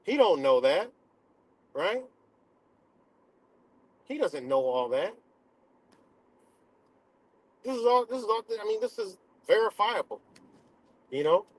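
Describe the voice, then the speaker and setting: A man on a live stream, speaking a little higher than most men, rants with heavy profanity and keeps checking in with his listeners through "right?" and "you know?". His voice is close to the mic and completely dry, with no room sound around it. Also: sing-song, unhurried, long pauses, no echo. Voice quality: dreadlocks wearer talking in a loose, street-casual way. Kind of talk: casual ranting live stream.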